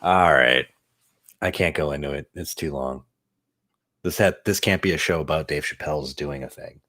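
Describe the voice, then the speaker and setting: A low-voiced man talks into a desk mic at home, loose and rambling. He swears casually, laughs at himself and drifts off-topic. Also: moderate pace, fairly bright tone. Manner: rambling, profane, self-deprecating. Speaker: podcast host. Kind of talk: casual stream-of-consciousness talk. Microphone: desk USB mic on boom arm.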